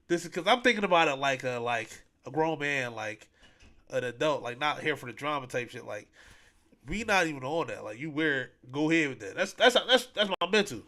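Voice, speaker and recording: A slightly high-voiced man hosts a podcast, moving at a fairly quick clip as he recaps events casually. He tells the story with animation, stacks up slang, and acts out what others said.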